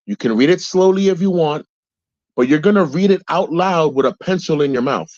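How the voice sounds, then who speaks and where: A man's voice: a little high, expressive, a little fast, a little mellow, no echo, muffled recording. A man casually explaining a speaking technique, direct and encouraging, mixing in some Spanish. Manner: direct and encouraging, switches between English and Spanish. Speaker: guest giving advice. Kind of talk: casual instructive chat.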